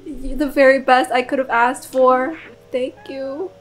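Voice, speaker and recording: A woman's voice: high voice, little pitch movement, a little slow, poor audio. A young woman doing let's play commentary, swearing and talking emotionally to the characters on screen. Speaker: gaming YouTuber. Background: faint game music.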